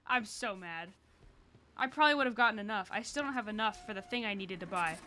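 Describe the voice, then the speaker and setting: A woman's voice: medium pitch, expressive, fast, noisy background. A woman streaming a cooking game, talking to herself in casual, exasperated commentary and swearing when things go wrong.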